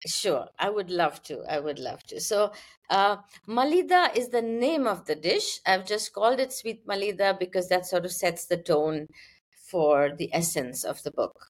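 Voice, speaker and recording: A woman poet who is a guest on a podcast. She answers questions thoughtfully, pausing often, and also reads her own poetry aloud. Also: lowish voice, expressive. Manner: thoughtful, gentle, pauses with fillers. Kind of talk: interview answers and poetry reading.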